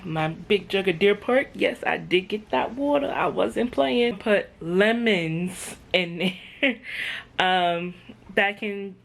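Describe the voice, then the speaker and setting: A woman in a casual home vlog, talking slowly in a lowish, unhurried voice. She sounds laid-back and laughs easily, with a faint background hum. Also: a bit bright. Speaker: vlogger. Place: indoors at home.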